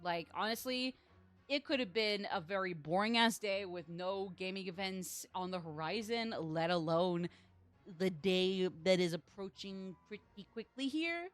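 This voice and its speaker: A woman's voice: mid-range voice, lively intonation, a little slow, soft background music. Sleep-deprived young woman streamer rambling. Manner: rambling, self-deprecating. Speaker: game streamer. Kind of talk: casual live-stream chat.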